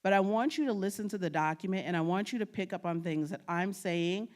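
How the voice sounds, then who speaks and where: This guest speaker on genealogy, a woman from New York, has a medium-pitched, darkish voice and talks a little fast. Her humorous talk on research is full of stories and frequent laughter, aimed straight at the audience.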